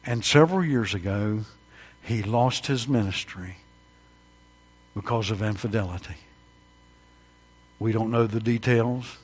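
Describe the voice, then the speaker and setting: A husky-voiced man preaches to his congregation at an evening church service. His words ring through a long, echoing hall, jumping to loud emphatic calls and then sinking to near-hushed confessions. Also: fairly low pitch, a little slow, long pauses. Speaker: pastor. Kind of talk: sermon.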